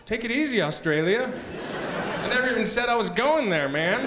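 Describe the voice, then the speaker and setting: A man with a high voice for a man works a stand-up set on a festival gala stage. His delivery is laid-back and rambling, full of restarts and asides. The live stage mic carries a constant wash of background noise. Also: expressive, fairly quick. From United States. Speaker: stand-up comedian.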